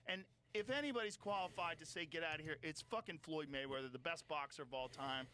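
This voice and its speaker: A man's voice: a little high, brisk, few pauses, pushed and bright, a little hiss or hum. A man talking animatedly and profanely as a podcast host in casual chat.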